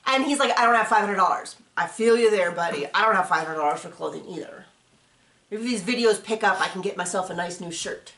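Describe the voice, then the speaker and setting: A woman's voice: fairly low pitch, expressive, fairly quick, fairly bright tone, echoey room. A woman hosting a casual reality TV recap, chatting and rambling as she acts out what people said.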